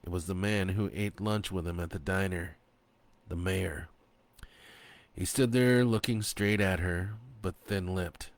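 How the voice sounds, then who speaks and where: A man narrating his own horror story in a slow, expressive reading. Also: deep voice, no room sound.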